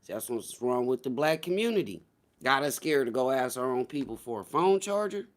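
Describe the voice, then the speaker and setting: A man hosting a casual livestream, joking and profane, swinging between loud shouts and low mutters. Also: big pitch swings, fairly quick. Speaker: livestream host.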